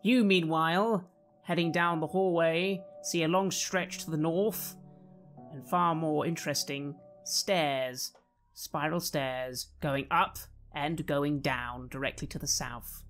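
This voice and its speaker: Male game master, slow drawn-out horror narration, faint music under it. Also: fairly high pitch, fairly bright tone.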